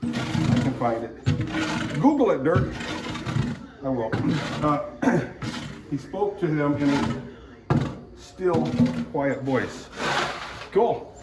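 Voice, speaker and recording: A man giving a casual, wandering devotional chat to camera, clearing his throat often and tossing in jokey asides. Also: on the high side, big pitch swings, drawn-out words, long pauses, very noisy. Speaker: vlogger sharing faith reflections.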